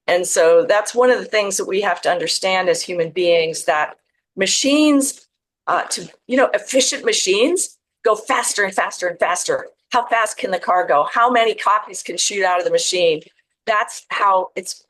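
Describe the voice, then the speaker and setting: A woman's voice: lowish voice, low-quality recording. A woman in her fifties, a guest in an interview, earnest and reflective, passionate about her point. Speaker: guest author. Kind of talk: casual interview chat.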